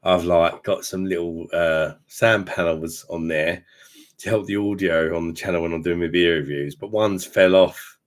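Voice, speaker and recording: Low voice, man, tipsy, rambling, matey, casual swearing, home room. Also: steady tone, normal speed. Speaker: beer reviewer hosting a live stream. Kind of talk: casual live-stream chat. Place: home room with sound panels.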